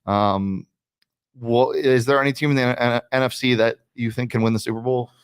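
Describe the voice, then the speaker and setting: A man hosting a sports betting show, talking casually and fast with frequent fillers and restarts. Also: mid-range voice, steady tone, clean tone.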